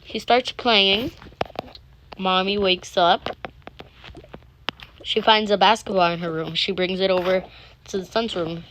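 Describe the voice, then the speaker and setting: A woman's voice: mid-range voice, steady tone, unhurried, long pauses, a bit bright, a little hiss or hum. A woman hosting her own channel, narrating a toy doll-play story in a chatty, rambling way with frequent restarts.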